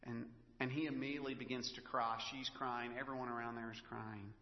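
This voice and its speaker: A man preaching to his congregation, talking it through in a relaxed, storytelling way. His voice rings out in a large, echoey church hall with a long reverb tail, and the recording sounds a bit dull and lo-fi. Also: medium pitch, a little fast. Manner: conversational, storytelling, emotional at times. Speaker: pastor. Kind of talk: sermon.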